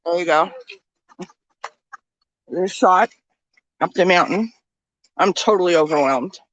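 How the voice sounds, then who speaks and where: A woman's voice: lowish voice, unhurried, dry recording, muffled recording. A woman vlogging on a handheld phone as she walks outdoors through a snowy ski resort village, out of breath and talking chattily to her viewers as friends. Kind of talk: walking vlog.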